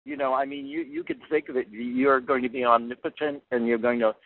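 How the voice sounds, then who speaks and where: A man's voice: medium pitch, fairly even intonation, brisk. Give me an earnest older man coaching skaters, heard over a thin phone line. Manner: earnest and plainspoken, repeats words as he thinks. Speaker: figure skating coach. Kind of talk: interview answers. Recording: tinny phone-line sound, dry.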